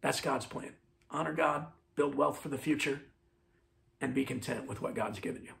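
A man's voice: mid-range voice, moderate pace, vocal fry, a bit bright. A male lead pastor preaching a sermon in a conversational way, often restarting words and repeating key phrases as a refrain.

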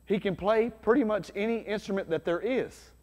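A man with a somewhat high voice preaches with energy, talking to his congregation like friends and breaking into loud bursts. His voice rings with the long reverb of a church hall. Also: normal speed. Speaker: pastor. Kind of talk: sermon.

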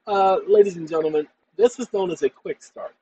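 A man's voice: high voice, brisk, poor audio. A tired man hosting a casual online talk, wandering off topic as he works. His delivery is loose and chatty, with a faint hiss under the voice. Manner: rambling, repeatedly addresses "ladies and gentlemen". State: tired after a long day. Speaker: channel host. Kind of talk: casual screen-share tutorial and monologue.

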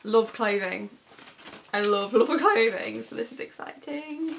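A woman's voice: fairly high pitch, expressive, a little slow, vocal fry, background noise. A young woman in her bedroom, gushing breathlessly as she unboxes gifts in a chatty vlog. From England. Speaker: lifestyle vlogger. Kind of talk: excited unboxing chat.

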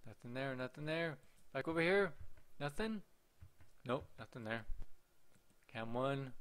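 A man with a slightly high, animated voice speaks at a measured pace. He's a gameplay commentator doing casual let's play commentary on a horror game, rambling, joking, and often talking straight to the game's characters.

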